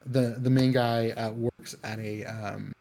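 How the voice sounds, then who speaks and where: A man's voice: mid-range voice, steady tone, slow pace, creaky, dark tone. A man chatting casually, rambling with many fillers and restarts. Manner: acts out quoted voices in anecdotes. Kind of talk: casual chat.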